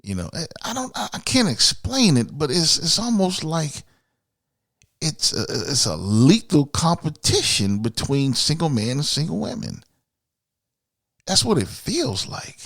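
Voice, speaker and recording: A man's voice: on the high side, wildly swooping pitch, unhurried, gravelly, fairly bright tone, no room sound, clean studio sound. A man from Miami hosting a podcast, ranting bluntly and profanely in an opinionated solo monologue. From Miami, USA. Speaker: podcast host.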